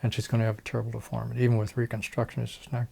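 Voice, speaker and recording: The retired facial plastic surgeon, an older man, races through his oral history stories in a mid-range, monotone voice with vocal fry, slightly mellow and husky. He chuckles and reenacts the dialogue of people he quotes.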